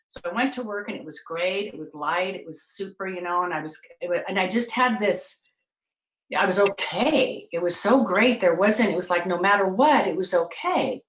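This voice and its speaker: A woman's voice: fairly low pitch, normal speed. A woman host telling a personal story to an audience, acting out the voices of the people in it. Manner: animated, acts out voices in her story. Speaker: talk show host. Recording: echoey room.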